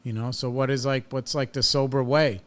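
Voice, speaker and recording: A man's voice: medium pitch, steady tone, normal speed, a bit bright. A man in his thirties hosting a podcast, telling a personal story in a blunt, profane, casual way and reliving an argument with rising heat. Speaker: podcast host.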